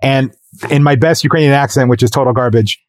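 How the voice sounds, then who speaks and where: A man's voice: mid-range voice, fast talker, dry recording. A man in a casual podcast chat, explaining things carefully and a bit self-deprecatingly. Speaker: podcast co-host.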